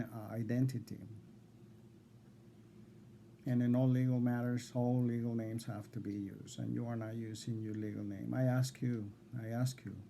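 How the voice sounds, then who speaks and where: A man reading out insistent legal demands to a court evaluator, repeating himself and halting on fillers. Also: medium pitch, gravelly, dark tone, a little hiss or hum. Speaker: defendant addressing a court evaluator. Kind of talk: confrontational legal declaration.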